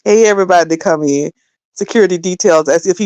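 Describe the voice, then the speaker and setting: A woman's voice: fairly low pitch, lively intonation, quick pace, a little mellow, no echo. A woman hosting a casual livestream, sassy and laughing as she mocks someone. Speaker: livestream host. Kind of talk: casual commentary.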